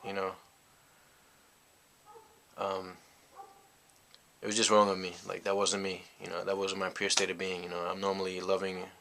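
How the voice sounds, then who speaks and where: A man's voice: deep voice, monotone, moderate pace, gravelly, pauses often, bright, forceful tone. A young man from the United States tells a personal story in a rambling, reflective way, full of "you know" fillers. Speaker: vlogger. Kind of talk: casual storytelling monologue.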